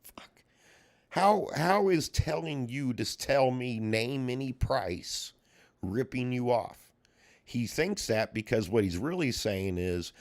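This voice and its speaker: A man's voice: medium pitch, animated, slow. A man streaming live, talking in a profane, heated rant with rising exasperation and mimicking other people in quotes. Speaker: livestreamer and puzzle collector. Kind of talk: ranting livestream talk.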